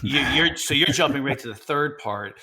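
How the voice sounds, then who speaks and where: Halting man hosting a podcast. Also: on the high side, expressive, crowd noise. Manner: halting, thinks aloud with many fillers. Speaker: podcast host. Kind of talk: podcast interview.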